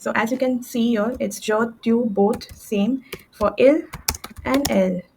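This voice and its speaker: A woman tutoring French, explaining verb endings step by step with fillers and quick self-corrections, at a desk with a computer mic. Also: a little high, vocal fry, noisy background. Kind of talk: screen-share language lesson.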